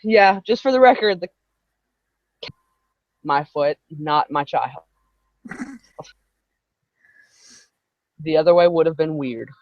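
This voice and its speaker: A woman's voice: sits low, lively intonation, takes it slowly, pauses often, no room sound. A woman hosting a live broadcast from home, telling a long, rambling story with frequent asides. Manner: chatty, rambling storyteller who breaks off for asides. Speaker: host. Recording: dull, dry live-stream audio.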